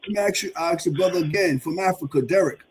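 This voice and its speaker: Man in his fifties, panelist, quick high voice, keeps pressing the same question. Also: slight background noise. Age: 50s. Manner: insistent, repeats his question. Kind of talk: heated podcast debate.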